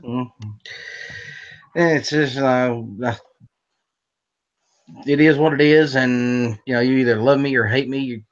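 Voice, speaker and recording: A man's voice: medium pitch, steady tone, slow pace, long pauses. A man hosting a casual chat, blunt and opinionated with grouchy humor. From American South. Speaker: host. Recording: dull lo-fi audio.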